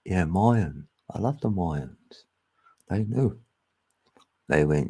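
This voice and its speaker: A man's voice: a bass voice, normal speed, gravelly, dark tone, slightly rough. A man talking in a rambling, chatty livestream monologue, laughing often and thinking aloud. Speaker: livestream host.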